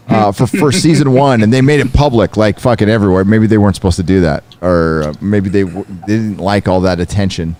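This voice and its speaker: Guy cohosting a live stream, swears a lot, reads donations out, average pitch. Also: a little mellow. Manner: profane, reads news and donations aloud. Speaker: co-host. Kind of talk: casual live-stream chat. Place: live event venue.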